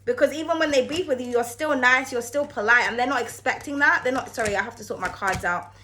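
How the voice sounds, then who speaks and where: Bright high-voiced woman reading tarot. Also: quick pace, slight background noise. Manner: chatty, swears, calls viewers darling. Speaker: tarot card reader. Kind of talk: casual tarot reading to camera.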